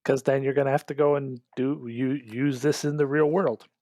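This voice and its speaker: A man hosting a casual movie-critique podcast, recapping in a halting, mocking way with lots of fillers and restarts. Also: medium pitch, fairly even intonation, darkish tone, no echo. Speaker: podcast host.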